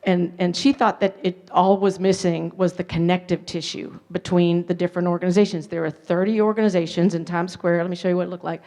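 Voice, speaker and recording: A woman's voice: on the low side, flat delivery, brisk, few pauses, mellow. A woman giving a conference keynote, telling her story candidly with self-deprecating asides. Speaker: keynote speaker. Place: conference hall.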